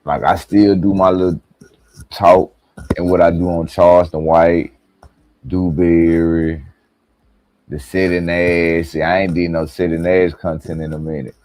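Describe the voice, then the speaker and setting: A man hosting a live reaction stream, talking to viewers in relaxed slang. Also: deep voice, measured pace. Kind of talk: casual live-stream talk.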